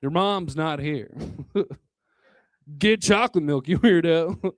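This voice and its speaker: High-pitched male stand-up comic with a crude, rambling delivery, dry close sound. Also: takes it slowly, no echo. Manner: crude, rambling, chuckles between jokes. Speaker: stand-up comedian. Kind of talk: stand-up comedy set. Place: live comedy venue.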